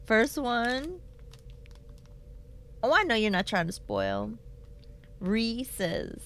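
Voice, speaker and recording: A woman chatting live with her stream's viewers in a playful, animated way, reading their messages aloud and laughing easily. Her voice sits fairly high and swoops all over. She speaks unhurriedly, into a desk microphone. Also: slow.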